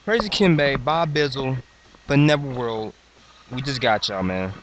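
A man in his twenties hyping up his rap crew, boastful, excitable and mock-dramatic. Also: medium pitch, measured pace, slight background noise. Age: 20s. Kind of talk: hyped comedic freestyle intro.

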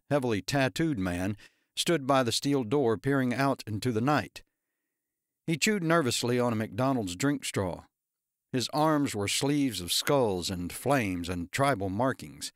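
A male audiobook narrator telling a thriller with steady, even storytelling. His middle-pitched voice is recorded dry and close. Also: no room sound. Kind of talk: scripted narration.

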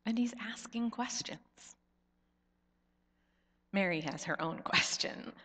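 Woman pastor, sermon, slow measured delivery, soft trailing phrase endings, reverberant sanctuary. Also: mid-range voice, slightly rough. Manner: slow, reflective storytelling with soft drops in volume. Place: church sanctuary. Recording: long church reverb.

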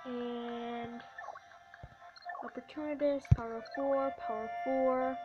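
A high-voiced woman talking through her gameplay in a casual, excitable way, reacting with quick oohs and small cheers. Game music plays steadily behind her. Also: dull audio. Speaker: let's play host.

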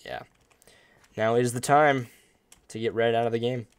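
A man hosting a gaming video, chatting casually and upbeat while he plays, with sudden loud outbursts and playful groans. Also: mid-range voice, steady tone, normal speed, smooth, dry recording. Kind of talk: casual gameplay commentary.

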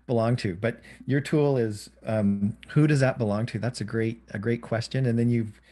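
Male podcast host, mid-pitched, easygoing, thinks out loud. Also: normal speed. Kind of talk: casual interview chat.

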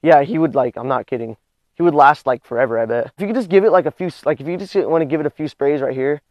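Young man, high-ish voice, halting confused rambling, dry dull recording. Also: a little mellow, dry recording. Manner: halting, confused-sounding rambling with many fillers. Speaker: prankster. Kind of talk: prank video, acting confused.

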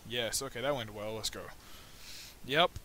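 A man giving let's play commentary on a budget microphone, rambling and joking with sudden high excited yelps. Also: normal speed, slight background noise. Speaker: gameplay commentator. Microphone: new budget microphone.

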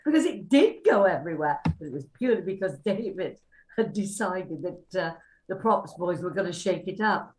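Older actress telling stories, chatty and digressive, echoey room. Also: female voice, on the low side, expressive, moderate pace, darkish tone. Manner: chatty, full of fillers, acts out quoted dialogue. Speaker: former cast member. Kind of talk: anecdotal reminiscing. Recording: roomy echo.

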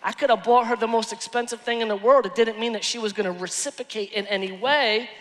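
Animated pastor preaching in a reverberant hall. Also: male voice, high voice, quick pace. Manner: animated storytelling, swings from hushed to shouting. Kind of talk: sermon. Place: large church hall.

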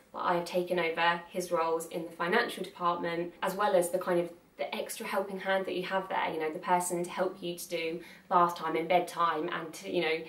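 A woman's voice: fairly low pitch, fairly bright tone, recorded from a distance. A young woman talking candidly to camera in a chatty, earnest way, laughing often. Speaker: vlogger. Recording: echoey room, mic set back.

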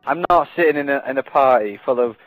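A man's voice: medium pitch, fast, no echo, phone-quality sound, soft background music. A young man on a gaming headset, chatting casually and mocking others with sarcastic, swear-heavy banter. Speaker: gaming vlogger. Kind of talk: casual party chat.

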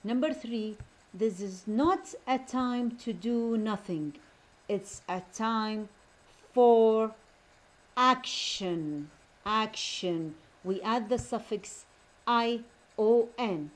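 Woman, English lesson, unhurried drawn-out delivery, repeats each word. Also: a little high, a little mellow, rough recording. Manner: slow, repeats each word several times; switches to Arabic to explain terms. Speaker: English teacher. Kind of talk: recorded classroom lesson.

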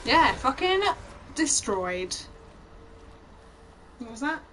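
A woman's voice: a little high, very animated, extremely slow, fairly bright tone, slight background noise. A young woman streaming a game, commentating with a lot of swearing and taunting the enemies on screen. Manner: profane, taunting, talking to the game. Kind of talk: gameplay commentary.

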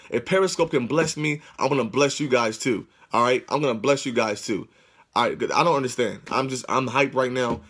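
A man's voice: medium pitch, moderate pace, fairly bright tone, breathy edge. A man hosting a livestream, speaking fervently to his viewers with churchlike, repetitive exhortations. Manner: religious, churchlike phrasing. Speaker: livestream host. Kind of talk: excited livestream address to viewers. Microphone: phone livestream.

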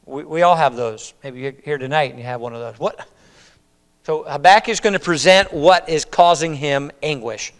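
Pastor guy preaching in a church, high smooth voice, big hall reverb. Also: normal speed. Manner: dramatic voicing of a prophet's lament, rising to loud high cries; soft, low prayer voice. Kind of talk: sermon. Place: church sanctuary.

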